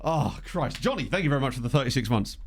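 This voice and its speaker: A man's voice: medium pitch, animated, quick pace, a little hiss or hum. A man hosting a casual livestream, jokey and self-mocking, laughing often into a desktop microphone. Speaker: streamer and game host. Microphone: desktop USB microphone.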